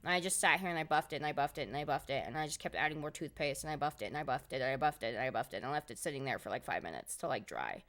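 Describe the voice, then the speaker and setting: A woman game streamer chats casually on a live stream in a rumbling low, fairly bright, expressive voice, talking very fast with hardly any pauses. She rambles and swears as she vents her exasperation.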